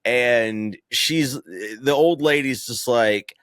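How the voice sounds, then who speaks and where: Laughing, lively podcast co-host man. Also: medium pitch, very slow, no echo, clean studio sound. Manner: animated storyteller, laughs often. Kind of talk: casual chat.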